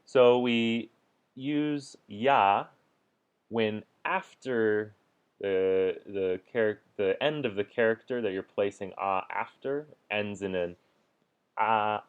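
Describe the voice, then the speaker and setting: A man with a lowish, smooth and clear voice explains language points step by step. He keeps a relaxed teaching manner and lets out small chuckles between examples. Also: slow pace, dull audio.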